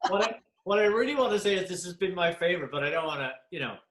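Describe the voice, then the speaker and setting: A man's voice: high-pitched, lively intonation, racing, fairly bright tone. Man hosting in an echoey room. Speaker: host. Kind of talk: casual chat on a video call. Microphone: video call.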